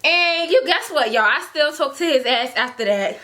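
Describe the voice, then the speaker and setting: A young woman telling a storytime vlog in casual slang, animated, laughing often and acting out quotes. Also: sits high, normal speed. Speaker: storytime vlogger.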